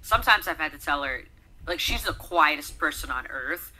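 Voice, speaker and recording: A woman hosts a podcast in a low-set but very bright voice that swings widely in pitch. She talks in an animated, casual way and laughs easily. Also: moderate pace, low-quality recording. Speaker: podcast host and voice actor.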